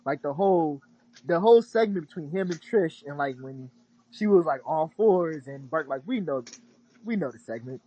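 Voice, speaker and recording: A man co-hosting a podcast in expressive casual chat, mockingly quoting others. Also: fairly high pitch, normal speed, slightly rough, lo-fi sound. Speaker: podcast co-host.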